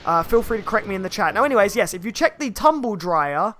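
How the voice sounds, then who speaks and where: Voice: medium pitch, very animated, fast talker, fairly bright tone, slight background noise. A game streamer, giving casual live gameplay commentary, explaining and greeting viewers in chat.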